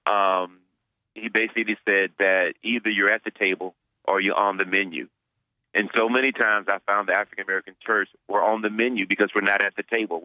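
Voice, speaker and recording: Low-voiced pastor speaking earnestly. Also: male voice, dry recording, lo-fi sound. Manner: earnest, repeats words while searching for them. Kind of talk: interview answers.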